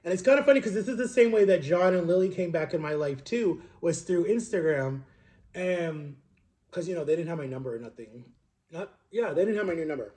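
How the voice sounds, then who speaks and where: Rambling man telling a story, mellow tone. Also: fairly high pitch, animated, a little fast. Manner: rambling, conversational, lots of fillers and restarts. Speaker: social media creator. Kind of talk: casual storytime monologue.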